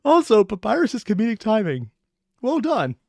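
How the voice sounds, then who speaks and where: A man hosting a reaction video, giving casual commentary in an excited, laugh-prone way. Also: fairly high pitch, a little fast, a little hiss or hum. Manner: animated, laughs often, excited.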